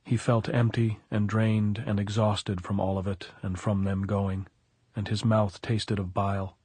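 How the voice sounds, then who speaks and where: Husky, low-voiced male narrator. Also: flat delivery, a little slow, a little mellow, no echo. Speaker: audiobook narrator. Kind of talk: audiobook narration.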